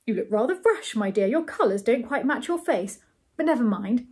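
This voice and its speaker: Fussy, bashful old gentleman read by a woman, breathy and polite, storybook style. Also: fairly high pitch, animated, moderate pace. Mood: genteel. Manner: hesitant, polite, drops to a whisper when nervous.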